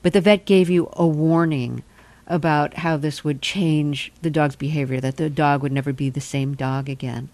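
Low-voiced woman interviewer in a dry studio. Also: steady tone, a little mellow, no echo. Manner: measured, summarizing the guest's story before asking. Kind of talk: radio interview.

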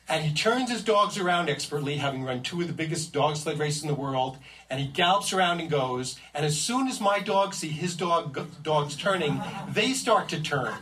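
A man telling a comic first-person adventure story in an animated, suspense-building way. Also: fairly high pitch, normal speed, few pauses. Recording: distant mic with faint ambience.

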